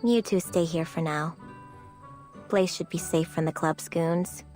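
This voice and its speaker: A hard-nosed, detached game heroine, played by a woman. She talks in a cool, clipped manner with a lower, even voice, faint game music in the background. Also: unhurried, close to an everyday voice. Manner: cool and curt. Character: tough, detached woman cleaner of arcane energy. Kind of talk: game voice acting.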